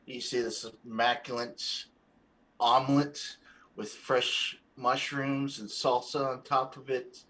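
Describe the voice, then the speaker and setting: A man running a tabletop game as game master, describing scenes in halting phrases full of fillers. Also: medium pitch, bright, forceful tone.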